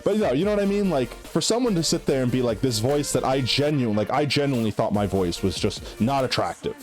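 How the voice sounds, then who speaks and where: A man's voice: medium pitch, animated, fairly quick, soft background music. A male live streamer with a nasal voice, chatting casually and rambling with lots of "like" and "right?" while he plays. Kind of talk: casual chat while gaming.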